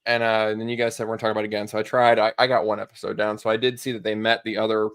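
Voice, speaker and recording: A man, a panel guest in a casual chat, talking haltingly and jokingly. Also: on the low side, flat delivery, fairly bright tone, smooth.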